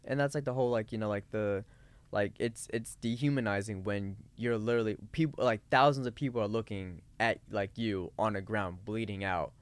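Guy chatting on a podcast, lots of "like, you know", smooth voice, dry mic. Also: lowish voice, brisk, dry recording. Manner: rambling, many fillers and restarts. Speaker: podcast co-host. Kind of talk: casual discussion.

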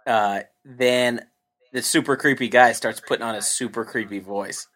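A man's voice: medium pitch, steady tone, normal speed, fairly bright tone. A man co-hosting a podcast in casual chat, sarcastic and fond of acting out quotes. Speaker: podcast co-host.

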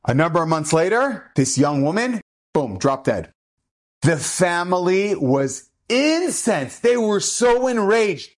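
A man telling a family story in an inspirational talk, animated and emphatic. He leans hard on key phrases and slips into the voices of the people he describes. His voice sits a little high for a man. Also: measured pace. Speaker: inspirational speaker.

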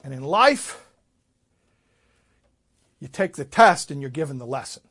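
A man, a rabbi, telling a story in a sermon, swinging from loud emphasis to hushed asides. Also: medium pitch, animated, unhurried, breathy edge.

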